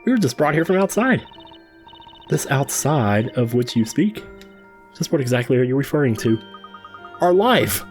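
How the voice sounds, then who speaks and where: An eager young boy apprentice in a game cutscene, high and excitable in his outbursts. He speaks earnestly and quickly gets worked up. Faint music plays underneath.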